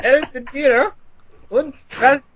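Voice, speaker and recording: A man's voice: extremely high pitch, a little slow, slight background noise, voice pushed up. A man hamming up a mock German-accented show greeting in an exaggerated comic foreign accent, in a muffled recording. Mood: hammy.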